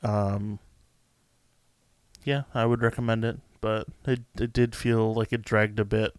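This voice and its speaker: A man co-hosting a podcast in casual chat, tossing off dry, deadpan quips. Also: on the low side, a little slow, clean tone, no room sound. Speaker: podcast co-host.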